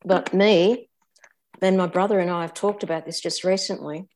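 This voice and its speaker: An older Australian woman telling a personal story as an interview guest, candid and reflective, halting often and restarting. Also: fairly low pitch, steady tone, darkish tone.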